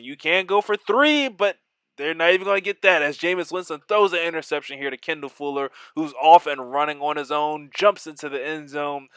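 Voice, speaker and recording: A man giving excitable play-by-play of his own football video game, mixing in joking, self-deprecating asides. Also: on the high side, clear, resonant tone, no room sound. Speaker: gaming YouTuber.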